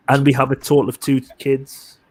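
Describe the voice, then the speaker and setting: Man, rambling stop-start chat, mid-pitched voice, dry close sound. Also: completely flat delivery, measured pace, darkish tone, slightly rough, no echo. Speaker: guest. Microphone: video call.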